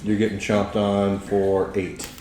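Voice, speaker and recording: A man running a tabletop game as game master, hesitant, with many fillers and throat clearing. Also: fairly low pitch, flat delivery, slow, roomy sound, background noise.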